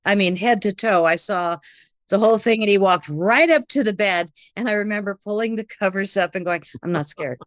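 A woman telling a personal anecdote in conversation, lively and breathless, acting out the lines of the people in it. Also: mid-range voice, a little fast, no room sound. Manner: lively, breathless retelling with acted-out quotes.

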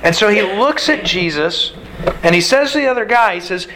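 A man's voice: sits high, animated, moderate pace, sharp tone, a little hiss or hum, low-quality recording. A man preaching a sermon, telling the story emphatically with repeated phrases. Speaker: pastor.

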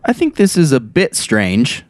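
A man's voice: mid-range voice, huge pitch swings, unhurried. A man reading a story aloud on a podcast, often stopping to joke about it. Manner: reads aloud and breaks off to joke. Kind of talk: casual comedic podcast chat.

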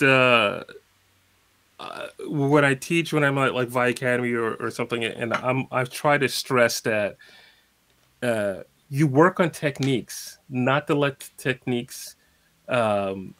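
A man's voice: mid-range voice, slow, pauses often, a bit bright. A man guest in a casual interview, explaining at an easy pace with plenty of fillers and spoken examples. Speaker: guitarist guest.

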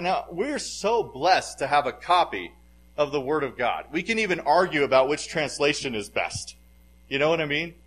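A man's voice: fairly high pitch, a bit bright, low-quality recording. A middle-aged man preaching a sermon as pastor, earnest and emphatic, his voice swelling in bursts of force.

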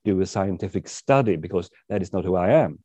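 A man's voice: low voice, fairly even intonation, fairly quick, dark tone, slightly rough, dry recording. A man from Sweden with a Swedish accent, chatting as an author being interviewed, wry and often laughing. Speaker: author and guest. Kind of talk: casual interview talk.

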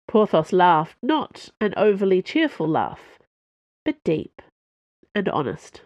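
A woman narrating a story in a calm, measured, scripted way. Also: on the low side, dry recording. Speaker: audiobook narrator.

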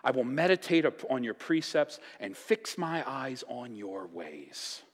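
Animated pastor in an echoing hall. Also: male voice, mid-range voice, unhurried. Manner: animated storytelling, acts out voices with casual asides. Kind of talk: sermon. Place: church sanctuary. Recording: long reverb of a church hall.

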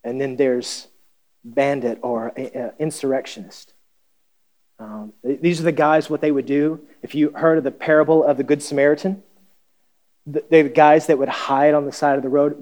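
A pastor preaching a conversational sermon, reading scripture and asking the congregation questions with wry humor. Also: male voice, mid-range voice, a little mellow.

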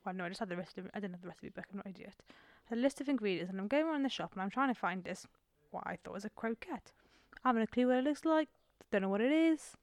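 A woman's voice: mid-range voice, expressive, very fast, hardly any pauses, dry recording, studio quality. A woman in her twenties co-hosting a podcast, telling a rambling, self-mocking story in casual chat at home. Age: 20s. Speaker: podcast co-host. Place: home room with door open, traffic outside.

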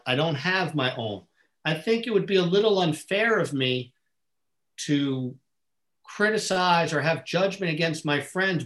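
Middle-aged male guest, slightly high voice, earnest storyteller who acts out conversations. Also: a bit bright.

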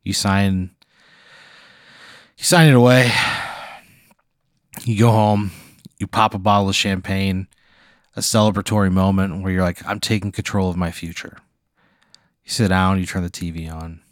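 A man's voice: low voice, steady tone, normal speed, long pauses, clear, resonant tone, dry recording, clean studio sound. A man co-hosting a comedy podcast, rambling through an absurd improvised hypothetical. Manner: rambling, building an absurd scenario.

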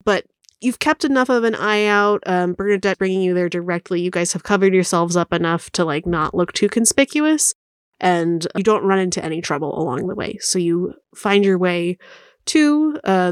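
A woman's voice: on the low side, no room sound, clean studio sound. A woman narrating a tabletop game as game master, rambling with many fillers.

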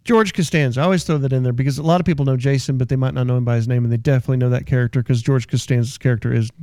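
A man's voice: mid-range voice, steady tone, very fast, dark tone, no echo, clean studio sound. A man hosting a radio show in casual on-air chat, eagerly prompting his guest with questions.

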